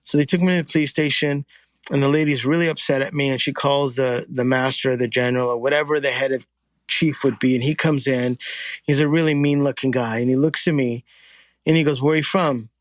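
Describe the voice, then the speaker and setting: A man from the United States tells his stories in a relaxed, animated way. His voice sits at a middle pitch and is recorded dry and close, with no room sound. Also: fairly quick, dry recording. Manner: animated, acts out voices and sings in quotes. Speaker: storyteller guest. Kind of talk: casual storytelling.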